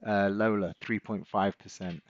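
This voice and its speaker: A man's voice: on the low side, steady tone, moderate pace, no room sound, muffled recording. A middle-aged man, hosting a live stream as a trading coach, chatting casually and encouraging viewers as he reads out their comments.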